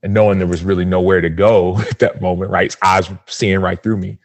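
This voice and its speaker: A man in his thirties, a podcast guest, telling a personal story in an earnest, animated way and acting out the quotes. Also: low-pitched, fairly quick, no echo.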